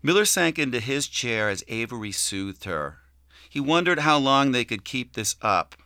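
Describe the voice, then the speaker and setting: A man narrating a novel in an expressive, varied way on a close studio mic. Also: medium pitch, normal speed, clear, resonant tone, dry recording. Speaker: audiobook narrator.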